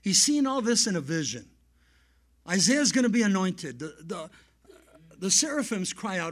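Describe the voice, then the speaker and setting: A male pastor preaching a sermon and telling stories, swinging from soft asides to loud emphasis. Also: sits high, moderate pace, long pauses. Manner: animated storyteller, swings between soft and loud. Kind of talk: sermon with storytelling.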